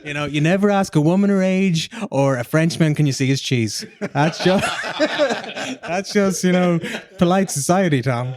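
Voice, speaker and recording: A man's voice: high-pitched, expressive, unhurried, hardly any pauses, background noise. A man co-hosting a podcast who tells rambling, self-mocking stories. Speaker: podcast co-host. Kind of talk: casual podcast banter.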